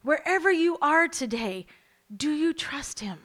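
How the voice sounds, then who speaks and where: A woman's voice: high-pitched, expressive, measured pace, a bit bright. A woman preaching a sermon to a church congregation, emphatic and repeating her key lines, then leading a prayer.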